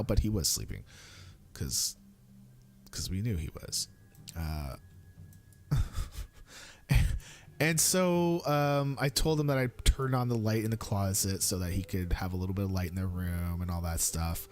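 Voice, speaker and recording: A man's voice: lively intonation, unhurried, long pauses. A man in his thirties chatting casually on a live stream, rambling with fillers and restarts. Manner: high squeaky voice when quoting his young son.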